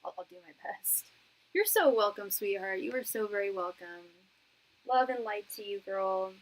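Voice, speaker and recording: A woman's voice: medium pitch, expressive, normal speed, low-quality recording. A woman tarot reader doing a live-stream reading, talking in a chatty, slangy way, calling viewers girl and hon and thanking them for donations. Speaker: tarot reader and psychic medium.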